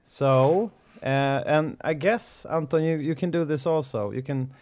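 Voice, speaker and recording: A man with a Swedish accent co-hosting a podcast in casual chat, talking haltingly with many restarts and frequent laughs. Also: on the high side, darkish tone. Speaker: podcast co-host.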